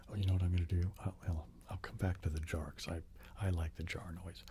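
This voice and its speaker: A man hosting a live ASMR stream, whispering and speaking softly in a rambling, chatty way to his viewers. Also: deep voice, steady tone, fast talker, heavy background noise. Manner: whispering and soft speaking while tapping a glass jar.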